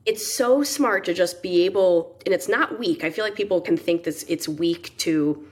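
A woman's voice: on the low side, normal speed, a little mellow. A woman interviewing a guest in a conversational way, enthusiastic and affirming.

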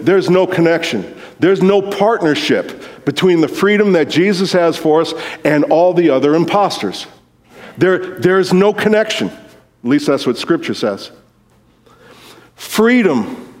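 Slow-talking preacher in an echoing hall. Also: male voice, a little high. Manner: storytelling, acts out movie lines with sudden shouts. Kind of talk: sermon. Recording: long hall reverb.

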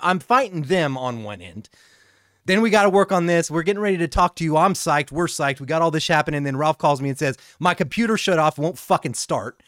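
Man, podcast co-host, casual excitable chat, frequent swearing, dry close sound. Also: a little high, dry recording.

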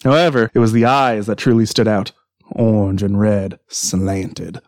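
A man hosting a casual podcast, reading a story aloud with dramatic pauses and laughing often. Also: fairly low pitch, steady tone, darkish tone, dry recording, clean studio sound. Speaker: podcast host.

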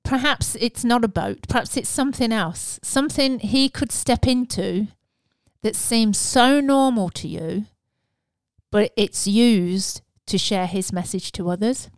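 A woman's voice: a little high, measured pace, no room sound. Earnest woman giving a casual sermon. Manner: earnest, conversational, with fillers and restarts. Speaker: preacher.

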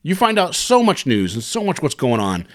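A man's voice: fairly high pitch, huge pitch swings, normal speed. A man hosting a podcast, chatting casually and teasing his co-host, laughing often. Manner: giggly, teasing banter.

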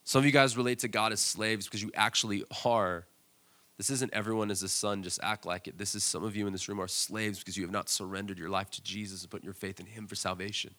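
A pastor delivers a sermon, telling stories with animation and breaking into loud, excited bursts as he acts out scenes. His voice sits fairly low and he speaks fast.

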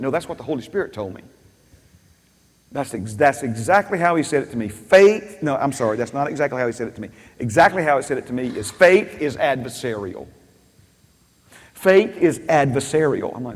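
A man's voice: fairly high pitch, expressive, unhurried, big-room sound. A man preaching a sermon as pastor, emphatic and repetitive, with frequent amens.

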